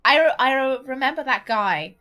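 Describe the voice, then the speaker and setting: Streaming a game, this British woman laughs, swears freely and rants in mock indignation during casual chat. Her high-sitting voice is sharp-toned with lively intonation, at a normal speed.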